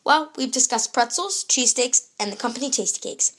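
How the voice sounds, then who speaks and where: A woman's voice: a little high, brisk, fairly bright tone. A young woman presenting a scripted food show in an upbeat, read-aloud presenter tone.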